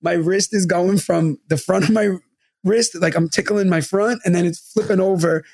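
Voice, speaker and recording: A young man chats into a close studio mic, his voice high and rough with a gravelly edge. He tells stories in an animated way, swears freely and acts out the people in them. The sound is dry, with no room around it. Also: normal speed, no echo. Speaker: podcast co-host. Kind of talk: casual storytelling chat.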